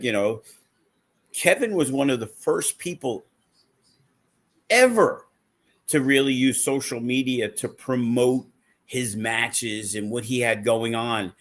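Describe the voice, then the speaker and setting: A man's voice: medium pitch, fairly bright tone. A man who promotes wrestling shows, chatting casually in a blunt, profane, rambling way with lots of fillers. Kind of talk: casual podcast chat.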